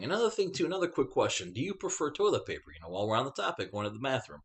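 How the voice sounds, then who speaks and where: A man's voice: medium pitch, sing-song, fast, few pauses, a bit bright. A man vlogging in a casual, rambling rant, swearing freely as he talks to the camera. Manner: rambling, profane, chatty.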